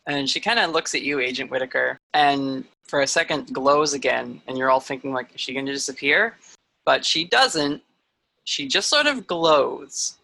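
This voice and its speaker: A woman's voice: rumbling low, expressive, moderate pace, creaky, sharp tone, rough recording. A woman narrating as game master of a tabletop role-playing game, loose and full of fillers.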